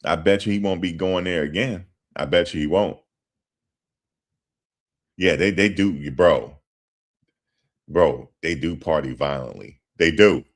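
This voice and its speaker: Deep-voiced, slangy livestream commentator. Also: male voice, a little slow, pauses often. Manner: animated, slangy, repeats himself for emphasis.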